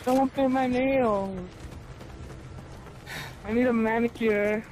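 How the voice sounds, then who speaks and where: Guy doing a high whiny bratty kid voice, sneering and drawn out, gunfire blasting behind. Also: fairly even intonation, background noise. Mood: mocking whine. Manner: mocking, whining, drawn-out sneer. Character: whiny bratty boy gamer crying to mommy. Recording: loud gunfire from game audio.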